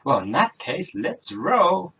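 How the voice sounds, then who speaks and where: A man voicing a boastful, theatrical male stage magician who makes loud, grandiose announcements. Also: mid-range voice, lively intonation, unhurried, slightly rough, far from the mic, heavily acted, low-quality recording. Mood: showy.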